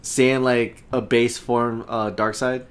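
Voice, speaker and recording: A man's voice: mid-range voice, little pitch movement, slow. A man co-hosting a casual chat, blunt and profane in his remarks. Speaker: podcast co-host.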